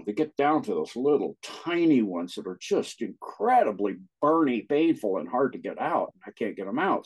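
Husky low-voiced man telling stories. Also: poor audio. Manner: laughs often while recounting. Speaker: interview guest. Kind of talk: casual personal storytelling.

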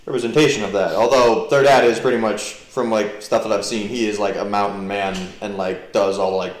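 A man's voice: lowish voice, a little fast. A young man from New Jersey, a podcast guest chatting casually and rambling with lots of fillers. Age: young adult. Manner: rambling, heavy "like" fillers, animated. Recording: roomy echo.

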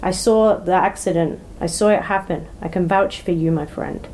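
A woman voicing a smooth-talking, scheming local man in a storybook reading. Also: lowish voice, steady tone, moderate pace, a little mellow, slight background noise, natural voice, low-quality recording. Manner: smooth, persuasive.

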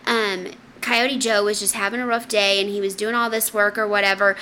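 A woman co-hosting a podcast, telling a family story in casual, profane, animated chat. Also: medium pitch, normal speed, a little hiss or hum. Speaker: podcast co-host.

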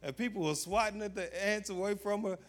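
A man's voice: high voice, fairly quick. Laughing storytelling pastor, a man. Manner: laughs often while telling stories; conversational, repeats phrases for emphasis. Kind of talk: casual humorous sermon.

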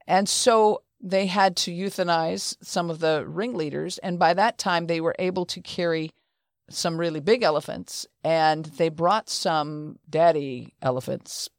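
A woman's voice: deep voice, no room sound, clean studio sound. Earnest middle-aged woman telling stories. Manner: earnest, conversational, with many restarts. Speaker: host. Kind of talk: Christian talk show storytelling.

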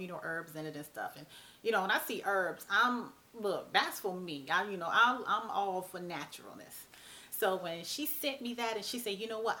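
A woman, talking casually and bluntly to camera as a vlog host. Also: medium pitch. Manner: animated, chatty, blunt, mild cursing.

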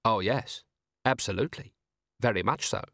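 Young assassin, overly courteous and eerily calm, voiced by a male narrator; dry close mic. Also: lowish voice, moderate pace, gravelly, no room sound, heavily acted. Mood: polite. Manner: soft-spoken, overly courteous, keeps saying sir.

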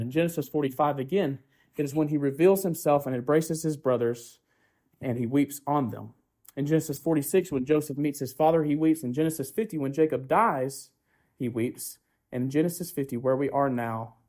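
A man's voice: medium pitch, a little mellow. A man preaching a sermon who keeps asking the congregation rhetorical questions, often tagging "right?", and builds his points through repetition.

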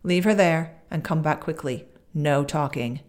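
A woman reads as a tiny, wise old woman of the far north. She speaks brisk and stern, keeping her counsel in a low voice. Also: a little mellow. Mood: firm.

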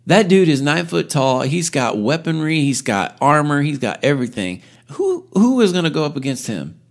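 A grown soldier, rattled and disbelieving, as a preacher puts him on. The voice sits noticeably higher than the speaker's own and comes out with an exasperated push. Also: male voice, very animated, normal speed, vocal fry. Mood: incredulous. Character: frightened grown soldiers, incredulous.

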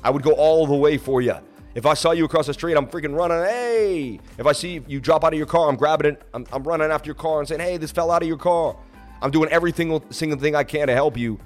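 A man's voice: a little high, racing, faint music behind. Rambling, emotional male livestream host. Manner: rambling, emotional, pleading for likes. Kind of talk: casual livestream chat reading viewer comments. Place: traveling, streaming from Miami.

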